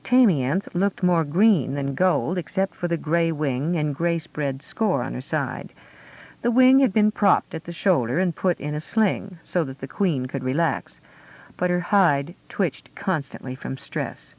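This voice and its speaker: A man narrating a fantasy audiobook with a steady storytelling delivery. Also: a little high, a little slow. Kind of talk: scripted narration. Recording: dull lo-fi audio.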